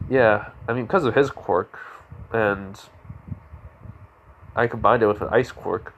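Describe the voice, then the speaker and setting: Male storyteller making it up as he goes: halting, rambling, lower register. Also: lo-fi sound, slight background noise. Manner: rambling, halting, many restarts. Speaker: fan storyteller. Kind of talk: improvised fan story narration.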